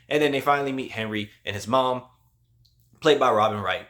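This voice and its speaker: A man's voice: lowish voice, quick pace, fairly bright tone. A male host giving a casual spoiler movie review, retelling the plot in a loose, slangy way with lots of "like".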